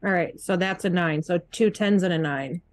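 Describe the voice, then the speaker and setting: A woman playing in a tabletop game over an online call, chatting casually and asking quick rules questions. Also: on the low side, no room sound. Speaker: player.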